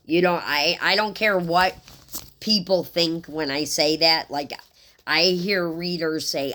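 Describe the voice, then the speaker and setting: A woman's voice: deep voice, a little slow, pushed and bright. A middle-aged woman giving a casual, rambling tarot reading and talking straight to her viewers in a heartfelt way. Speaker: tarot reader.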